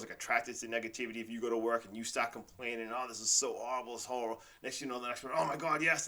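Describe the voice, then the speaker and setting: A man's voice: medium pitch, a bit bright. Enthusiastic rambling male podcast host. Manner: rambling, filler-heavy, enthusiastic; says "like" and "literally" often. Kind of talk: casual motivational monologue.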